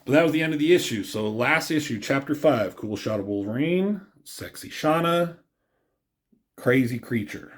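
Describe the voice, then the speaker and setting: A man's voice: mid-range voice, lively intonation, normal speed. Man casually rambling through a comic review. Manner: rambling, filler-heavy, chuckles at his own jokes.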